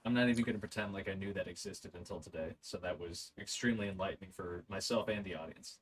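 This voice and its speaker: A man hosts a livestream in an upbeat manner, passing on what the chat is saying and laughing easily. His voice sits somewhat low, with faint noise in the background. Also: quick pace. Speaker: livestream host. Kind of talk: casual livestream hosting.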